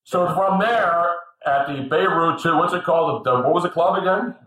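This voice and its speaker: A man hosts a talk show and tosses short questions to his guest. His voice sits a little high, and he sounds roomy and off-mic, heard across an echoey studio. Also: moderate pace, bright, forceful tone. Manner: brief reactions and interview questions.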